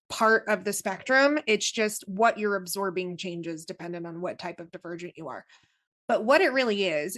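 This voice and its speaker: A woman's voice: mid-range voice, fairly bright tone. Woman explaining earnestly at length. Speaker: podcast co-host. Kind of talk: casual chat.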